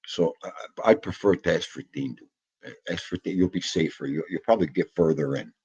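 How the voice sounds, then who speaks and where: A man's voice: deep voice, moderate pace, darkish tone, slightly rough, lo-fi sound. A man, chatting casually and jokingly in a rambling way while talking to his dog. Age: 50s. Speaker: vlogger. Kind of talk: casual chat.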